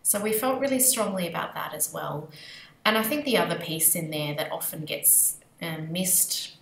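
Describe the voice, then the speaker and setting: A woman's voice: lowish voice, lively intonation, moderate pace, vocal fry, a bit bright. An Australian woman speaking as a guest, reflecting earnestly and thoughtfully on her own experience. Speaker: guest, leadership coach. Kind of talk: reflective interview talk. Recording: roomy echo with faint ambient noise.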